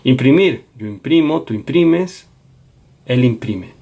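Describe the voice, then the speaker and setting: A man's voice: mid-range voice, expressive, unhurried, mellow. A man teaching a Spanish lesson, explaining patiently and checking in with a frequent "okay?". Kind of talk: classroom lecture.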